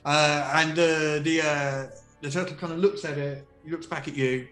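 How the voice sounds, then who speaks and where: A man narrating a tabletop game as game master, animated and laughing, with many fillers. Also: on the high side, normal speed. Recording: roomy echo with faint music.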